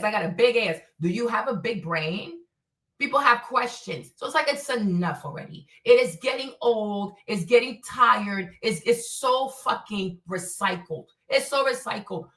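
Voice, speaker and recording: Her voice is a little high with a sharp edge as this African woman, hosting a livestream, rants bluntly and with plenty of profanity, firing off rhetorical question after rhetorical question. It's an opinionated show-host rant, captured by a distant mic in an echoing room.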